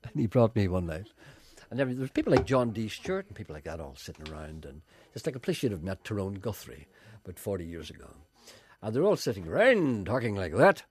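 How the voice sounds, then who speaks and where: A man's voice: sits low, quick pace, few pauses. A middle-aged man, a radio presenter chatting comically and slipping into mock voices. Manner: animated, slips into mock voices.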